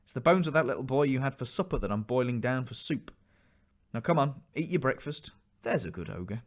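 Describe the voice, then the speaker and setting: A man voicing an ogre's brisk, bossy but kindly wife in a storybook reading. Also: mid-range voice, lively intonation, voice pushed up, lightly acted.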